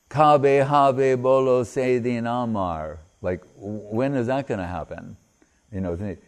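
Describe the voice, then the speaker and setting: In his informal religious talk, this spiritual teacher wanders from point to point, cutting himself off mid-phrase and chuckling at his own anecdotes. His voice is medium in pitch with a dark tone.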